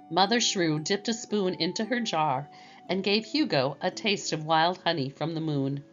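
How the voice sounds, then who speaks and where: A woman gently narrating a children's storybook aloud. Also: fairly low pitch, moderate pace. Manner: gentle and expressive. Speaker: storybook reader. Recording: dull lo-fi with faint music.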